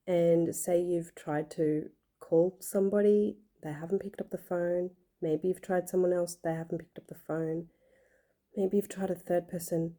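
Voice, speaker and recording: A woman's voice: lowish voice, vocal fry, dark tone. A young woman, talking casually and earnestly to her viewers, with many fillers. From Australia. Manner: chatty and earnest, many fillers, acts out quoted voices. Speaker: vlogger. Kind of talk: casual personal talk to camera.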